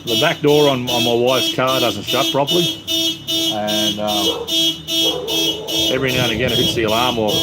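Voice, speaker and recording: Easygoing Aussie man on a noisy stream. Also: mid-range voice. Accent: Australian. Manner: easygoing, repeats "it's all good, mate", many ums and restarts. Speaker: live-stream host. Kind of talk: casual live-stream chat, answering viewers.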